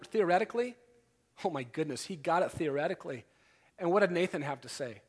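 High-voiced preacher in a reverberant hall. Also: male voice, fairly quick. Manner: animated, emphatic preaching with rising intensity. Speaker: pastor. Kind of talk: sermon.

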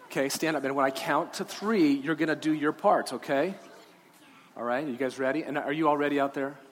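A man preaching an Easter sermon as pastor, talking gently to children, then earnestly to the congregation. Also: fairly high pitch, a little fast, some chatter behind. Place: large church sanctuary. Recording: long hall reverb, faint room ambience.

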